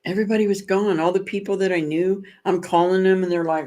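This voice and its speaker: Rambling, expressive woman chatting with viewers. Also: medium pitch, fast talker, few pauses. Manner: rambling, self-correcting storyteller. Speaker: livestream host. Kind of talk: casual chat with viewers.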